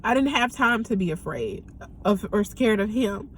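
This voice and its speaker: A young woman speaks in a plain, mid-pitched voice, telling her own story in a candid, earnest way. She talks haltingly, often pausing and filling gaps with ums as she gathers her thoughts. A faint hum of room ambience sits behind her. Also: expressive. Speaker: vlogger sharing a personal story. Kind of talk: candid personal testimony.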